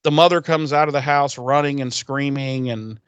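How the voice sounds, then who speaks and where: Steady and smooth at a medium pitch, a podcast co-host casually walks through a TV episode, rambling and cursing while briefly acting out the characters in quick voices. No room sound is audible.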